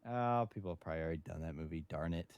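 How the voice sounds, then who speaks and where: A man co-hosting a casual podcast chat, joking and playful with animated asides. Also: low voice, very fast, clean tone, no room sound, lo-fi sound. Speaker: podcast co-host.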